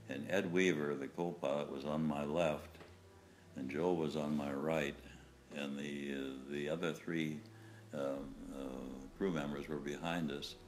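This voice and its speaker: An older man, a war veteran from the United States, recounting wartime memories in a halting way, with restarts and small chuckles. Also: extremely low pitch, fairly even intonation. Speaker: WW2 veteran interviewee.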